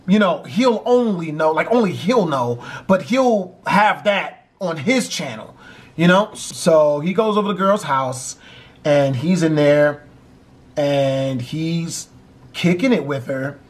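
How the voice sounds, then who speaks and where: High-voiced male vlogger, animated storyteller, swears constantly. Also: takes it slowly. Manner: animated, heavy cursing. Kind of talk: storytime vlog.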